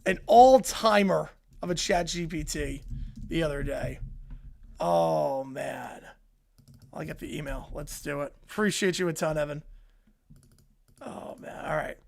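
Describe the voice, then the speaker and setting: A man hosting a livestream, chatting casually and reading out donations with relaxed, self-deprecating asides. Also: on the high side, a little slow, gravelly, long pauses. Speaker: livestream host.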